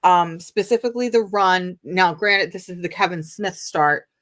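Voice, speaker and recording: A woman speaking as a guest on a live-streamed interview over a video call. Her voice sits a little low for a woman, and she tells her stories with excitable energy, acting out what everyone said. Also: normal speed. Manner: animated, excitable storyteller acting out dialogue.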